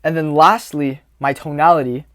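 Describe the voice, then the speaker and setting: A man's voice: on the high side, fairly even intonation, moderate pace, fairly bright tone. Casual young man coaching to camera. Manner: loose and conversational, with frequent fillers and repetition; swears casually. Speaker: dating coach.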